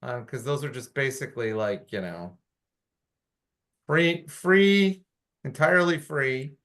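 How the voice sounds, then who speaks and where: A man on a town committee arguing his point in a meeting, animated and blunt, with frequent restarts. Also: mid-range voice, takes it slowly. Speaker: committee member. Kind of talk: meeting discussion.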